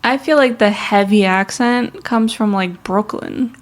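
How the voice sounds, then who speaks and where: A young woman from Long Island with a mild Long Island accent, co-hosting a podcast in casual chat, blunt and quick to laugh. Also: medium pitch. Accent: Long Island, New York (mild). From Long Island, New York. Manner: laughs often, chatty and blunt. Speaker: podcast co-host.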